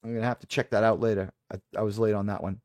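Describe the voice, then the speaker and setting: A man's voice: on the low side, level tone, very fast, darkish tone, no echo. A man hosting a casual livestream chat, rambling and digressive with sudden aggrieved outbursts. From New York.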